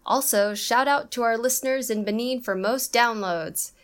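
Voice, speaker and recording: A woman co-hosting an English-learning podcast, reading a scripted lesson and slowing down to model each sound. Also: a little high. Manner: careful, explanatory, slows down on example sounds. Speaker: podcast co-host, English teacher.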